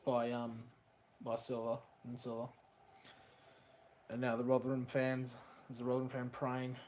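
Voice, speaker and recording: A young man hosting a live stream, reacting excitedly to a football match, swearing casually and reading out chat messages. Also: medium pitch, moderate pace, a little hiss or hum.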